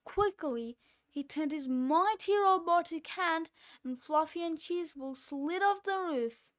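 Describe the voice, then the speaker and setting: Woman narrator for a kids' storybook, high voice, unhurried. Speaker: children's book reader. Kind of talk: read-aloud storybook narration.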